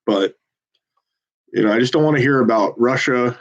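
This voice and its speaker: A man's voice: medium pitch, normal speed, highs cut off. A man volunteering at a phone bank, chatting casually to viewers between calls in a rambling, profane, self-deprecating pep talk.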